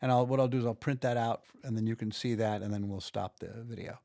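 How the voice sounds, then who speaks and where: A man talks through his screen in a loose, rambling way, often starting a sentence over before he finishes it. His mid-pitched voice has a gravelly edge. The sound is dry and close, with no room around it. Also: fairly even intonation, fast talker, mellow, no echo. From United States. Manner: rambling, thinks aloud, restarts sentences. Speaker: audiobook narrator and video creator. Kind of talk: casual screen-recording walkthrough.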